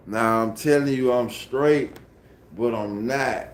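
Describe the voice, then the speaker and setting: Man, Memphis accent, sleepy, casual phone livestream from home, slow mumbled drawl, faint background noise. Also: medium pitch. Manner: laid-back, repetitive, mumbled drawl. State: sleepy, just woke up.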